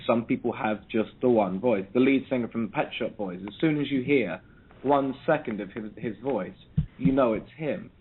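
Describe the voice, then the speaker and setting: A man's voice: mid-range voice, moderate pace, breathy edge. A man from South London, a musician guest talking over a phone line in a reflective way, often restarting his sentences. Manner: reflective, with frequent restarts and ums. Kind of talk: casual interview.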